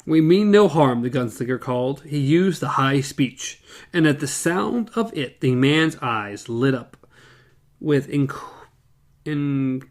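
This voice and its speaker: A man's voice: medium pitch, slow. A man co-hosting a podcast who reads a novel aloud and cracks wry jokes between passages. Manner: wry, joking, lively delivery. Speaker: podcast co-host. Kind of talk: casual book discussion and reading aloud.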